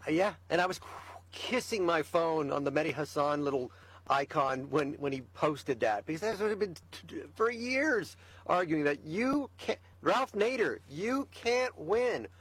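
A man talking as a guest in a casual political chat, emphatic and fired up, with quick asides. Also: a little high, animated, fairly bright tone, husky.

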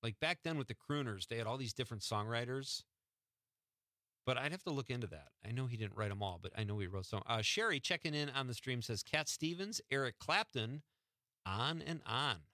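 A man's voice: medium pitch, lively intonation, fairly quick, bright, forceful tone, no echo. A man hosting a radio show from the studio, chatting casually and teasing his co-host. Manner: joking, teasing.

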